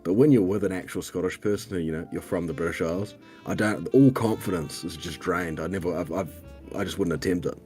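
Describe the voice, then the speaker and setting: Very deep-voiced laid-back co-host. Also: male voice, fairly quick, a little mellow, faint music behind. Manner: easygoing, laughs often. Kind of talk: casual livestream chat.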